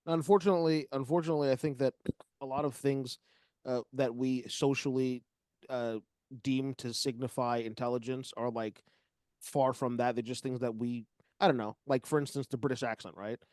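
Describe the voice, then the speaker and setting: A man's voice: medium pitch, fairly even intonation, moderate pace, a little mellow, dry recording. A man with an ordinary mid-range voice co-hosts a loose, casual podcast. He talks in a laid-back, hesitant way and swears offhandedly, recorded dry and close to the mic. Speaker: podcast co-host.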